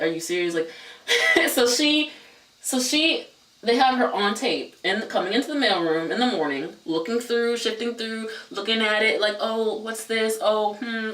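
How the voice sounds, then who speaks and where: A man vlogging a casual storytime, talking fast and loose with lots of filler words and the odd swear. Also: sits high, fairly bright tone, far from the mic. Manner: chatty, many "like" fillers, swears. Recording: echoey room, voice away from mic.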